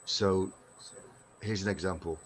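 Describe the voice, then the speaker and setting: A deep-voiced English man from Derbyshire chats casually on a live stream, laughing easily and filling gaps with ums and uhs. He sounds relaxed and sociable. A faint background noise sits under the webcam audio. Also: measured pace. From Derbyshire, England. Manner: chatty, laughs often, many fillers.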